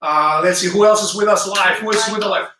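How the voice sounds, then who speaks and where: Man, South Jersey accent, casual livestream host, fairly high voice, heard from a distance. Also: fast talker, roomy sound, noisy background. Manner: chatty, friendly, reads out viewer comments. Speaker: travel channel host. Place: indoor room at home.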